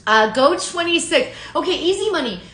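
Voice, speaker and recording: A woman's voice: very high voice, expressive, normal speed, a bit bright, roomy sound. A woman hosting a casual live stream on her phone, chatting and answering viewers' comments by name. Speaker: livestream host reading chat.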